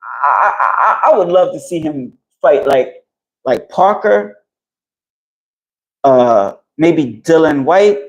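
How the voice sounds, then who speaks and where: A man chatting on a phone live stream outdoors, rambling and profane. His voice sits a little high for a man and rises when he gets worked up. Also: animated, slow, long pauses, low-quality recording. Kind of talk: casual live-stream chat about boxing. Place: outdoors in the heat. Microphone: phone held while walking outdoors.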